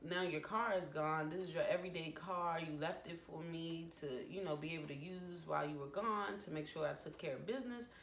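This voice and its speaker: Woman, 20s, vlogger, emotional storytime with acted quotes; lowish voice, roomy echo. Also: brisk, hardly any pauses, fairly bright tone. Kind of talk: personal storytime vlog. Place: home room. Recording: echoey room with faint background noise. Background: family noise from downstairs.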